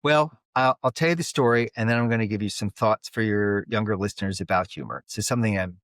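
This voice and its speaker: A man with a Philadelphia and South Jersey accent and a slightly high, nasal voice, telling stories as a guest in an interview. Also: quick pace, dry recording. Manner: animated storyteller who acts out the other people in his stories. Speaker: guest, conflict mediator. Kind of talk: storytelling interview talk.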